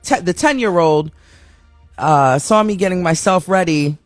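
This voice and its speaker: A woman's voice: on the low side, expressive, unhurried, no echo. A woman talks straight to her audience from her home studio, open and self-mocking, and she laughs easily. The sound is dry and close, with a little music playing faintly underneath. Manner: candid and self-deprecating, laughs often. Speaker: talk show host. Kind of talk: casual chatty monologue.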